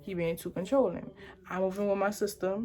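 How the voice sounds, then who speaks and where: A woman's voice: medium pitch, flat delivery, fairly quick, warm tone. Chatty young woman telling a story. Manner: chatty, rambling, dramatic retelling. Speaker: vlogger. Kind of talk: storytime vlog.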